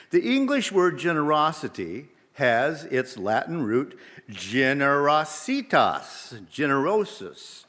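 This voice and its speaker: A male minister delivers a sermon at an unhurried, steady pace, weighing each phrase and posing rhetorical questions. His voice sits at a middle pitch. A long reverb trails behind him, as in a large church sanctuary. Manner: measured, deliberate, rhetorical questions.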